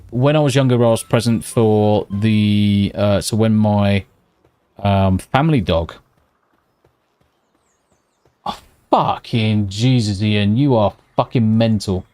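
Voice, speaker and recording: A British man streaming live from home at night, chatting casually with viewers, swearing constantly and talking slightly quietly. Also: on the low side, fairly even intonation, takes it slowly, smooth, no room sound.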